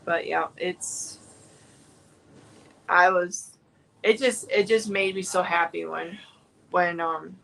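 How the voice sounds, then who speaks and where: A woman's voice: fairly low pitch, steady tone, slow, creaky, pauses often, a bit bright, low-quality recording. A woman chatting casually on a home crafting livestream, rambling with fillers and restarts. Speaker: crafting vlogger.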